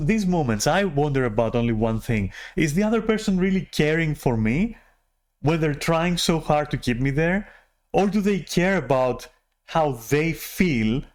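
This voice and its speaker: Frustrated, swearing man ranting. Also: on the high side. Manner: profane, frustrated, rambling with many restarts. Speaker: vlogger. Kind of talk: rambling personal rant.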